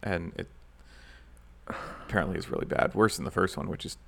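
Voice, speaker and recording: Low-voiced playful young man. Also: brisk, creaky, a bit bright. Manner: playful, puts on a mock radio voice at the start. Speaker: podcast co-host. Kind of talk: casual podcast chat.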